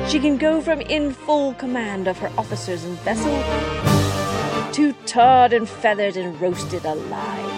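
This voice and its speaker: A woman narrates a scripted tribute with wry, dramatic phrasing. Her voice sits in a middle range. Loud theme music plays underneath. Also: medium pitch.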